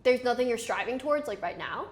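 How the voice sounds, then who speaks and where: A woman's voice: fairly high pitch, animated, fast talker. Woman host asking probing questions. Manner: probing, asks short follow-up questions. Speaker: podcast host. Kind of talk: casual chat.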